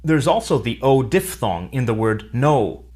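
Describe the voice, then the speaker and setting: A man giving a scripted English lesson, explaining clearly with dry humor. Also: mid-range voice, sing-song, normal speed, darkish tone. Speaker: English teacher. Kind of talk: scripted educational narration.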